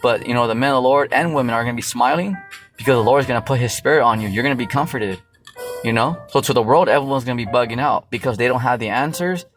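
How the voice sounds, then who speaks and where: A man's voice: mid-range voice, fast talker, a bit bright, faint music behind. A man preaching from the Bible in a loose, casual way, full of fillers and profanity. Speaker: street preacher.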